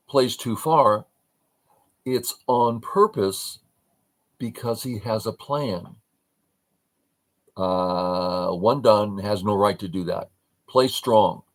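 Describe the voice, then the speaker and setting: A man's voice: fairly low pitch, rough recording. An older man teaching a game review on a livestream, talking in short broken phrases and asking and answering his own questions.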